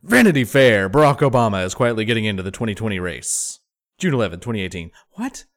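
Podcast co-host, male, lively pitch, quick jokey delivery. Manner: joking, riffing, animated. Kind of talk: casual comedic chat.

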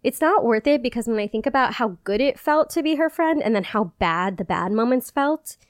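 A woman's voice: a little high, lively intonation, clean tone, dry recording, studio quality. A woman hosting a podcast alone, talking casually and chattily, peppering her speech with "like". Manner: chatty, peppered with "like", quick bursts and giggles. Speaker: podcast host. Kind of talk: casual solo podcast chat.

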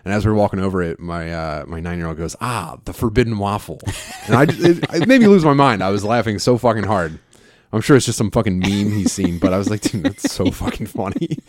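A man in his thirties chats loosely on a podcast, rambling and swearing freely. His voice sits a little low. It is recorded close and dry, with no room sound. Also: no echo. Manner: profane, rambling, quick bursts of laughter. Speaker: podcast co-host. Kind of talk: casual chat.

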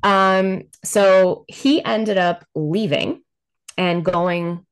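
A woman's voice: mid-range voice, very slow, clear, resonant tone. A woman in her forties, a podcast guest, telling her personal story bluntly and candidly, with swearing and frequent laughter. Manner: blunt, profane, laughs often.

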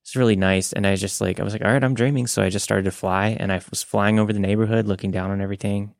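A man with a deep, gravelly voice chats casually as a podcast co-host, rambling a little and laughing easily. The recording is close and dry. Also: fast talker, no echo. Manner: relaxed, rambling, laughs often. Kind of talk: casual chat.

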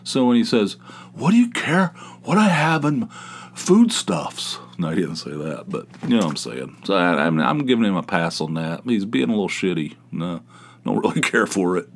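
Middle-aged man from West Virginia, lowish voice, rambling self-mocking podcast host. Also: a little hiss or hum. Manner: rambling, self-deprecating, with asides and restarts. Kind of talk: casual storytelling monologue. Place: home office in basement.

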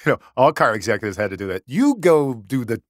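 Excitable man stumbling over his words. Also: medium pitch, fast, dry recording, studio quality. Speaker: interviewer. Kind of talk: casual on-location chat.

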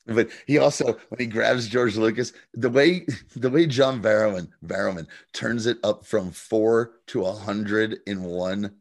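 A man's voice: fairly low pitch, steady tone, measured pace, creaky. Laughing, swearing podcast co-host man. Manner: laughs often, acts out quoted lines, swears. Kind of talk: casual chat.

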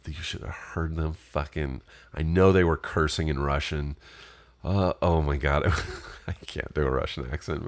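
Very deep-voiced man telling a casual story. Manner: rambling and profane, with frequent fillers.

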